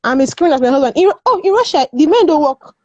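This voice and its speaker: A woman's voice: sits high, expressive, fast talker, no echo, dull audio. A woman from Nigeria, speaking as a guest in a casual discussion. She is emphatic, repeats words and laughs often. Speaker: guest panelist.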